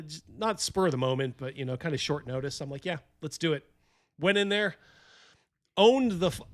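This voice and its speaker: A man's voice: a little high, fairly bright tone. A man hosting a casual chat show, rambling and swearing freely. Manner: rambling, profane, laughs a lot. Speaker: host.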